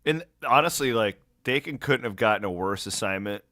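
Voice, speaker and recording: A man's voice: fairly low pitch, animated, brisk, pushed and bright, no room sound. Blunt, sarcastic man for sports-podcast banter, dry close recording. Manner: sarcastic, blunt, swears casually. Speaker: podcast co-host.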